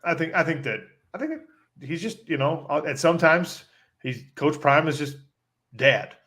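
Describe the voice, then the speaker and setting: A man co-hosting a podcast, telling a story in a casual, animated way and leaning on "like" as he talks. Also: on the high side, moderate pace. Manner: animated storyteller, heavy use of "like". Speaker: podcast co-host.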